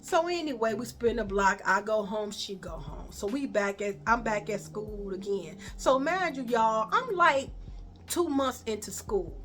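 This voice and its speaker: A woman's voice: fairly high pitch, expressive, a little slow, fairly bright tone. Chatty woman telling a story. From Chicago. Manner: chatty, repetitive, addresses viewers as y'all and baby. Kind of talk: casual storytime.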